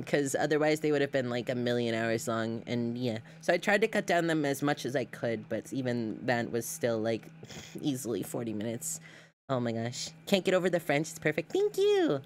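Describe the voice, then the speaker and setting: A chatty woman streamer talks casually over clips, laughing often and filling gaps with "like" and "um". Her voice sits low for a woman. A faint hiss runs underneath. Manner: chatty and giggly, with frequent laughs and fillers. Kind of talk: casual chat reacting to clips.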